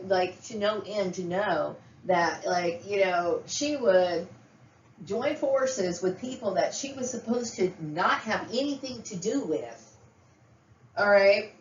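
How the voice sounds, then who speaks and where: A woman's voice: medium pitch, a little hiss or hum. A woman vlogger delivering an emotional, agitated monologue, repeating herself and checking in with "okay?" and "you know what I mean?". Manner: agitated, repetitive, keeps asking "okay?". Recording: dull, echoey room, mic far off.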